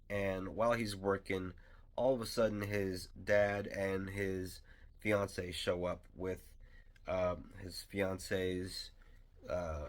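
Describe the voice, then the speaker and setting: A man giving a casual spoken film review, rambling and enthusiastic, with lots of fillers and restarts. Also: low-pitched. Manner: enthusiastic fan.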